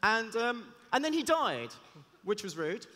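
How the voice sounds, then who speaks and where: A man, a cellist giving a lively talk on stage, chatty and joking in asides. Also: sits high, a little slow, a little hiss or hum. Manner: chatty, self-deprecating, jokey asides. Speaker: conference speaker and cellist. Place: large hall on stage. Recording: long reverb of a big hall.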